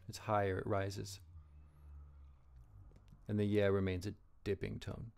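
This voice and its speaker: A man teaching Chinese characters, explaining strokes and tones slowly and carefully. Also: fairly low pitch, flat delivery, gravelly, darkish tone. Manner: slow, careful modeling of pronunciation.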